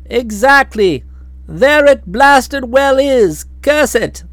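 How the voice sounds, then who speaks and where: A woman's voice: sits high, animated, takes it slowly, no echo. A woman reading as a bluff, hot-tempered aunt. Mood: grumbling. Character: blustering middle-aged aunt, hearty and explosive. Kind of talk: audiobook reading.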